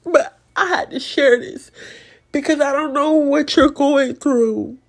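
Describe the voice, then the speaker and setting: A woman's voice: sits high, slow pace. Emotional woman giving a devotional talk. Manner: emotional, encouraging, preacherly repetition. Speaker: podcast host.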